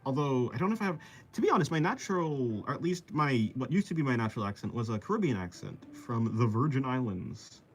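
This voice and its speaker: A man's voice: very animated, fast. Casual art streamer, a man from the US East Coast, playful and goofy with swooping intonation. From East Coast of the United States. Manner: playful and jokey, slips into silly squeaky voices. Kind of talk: casual chat with livestream viewers while drawing.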